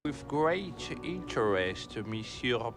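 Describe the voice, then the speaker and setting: A man's voice: medium pitch, sing-song, slow, music in the background. An actor playing a cocky French male racing driver with a put-on French accent, smug and theatrical.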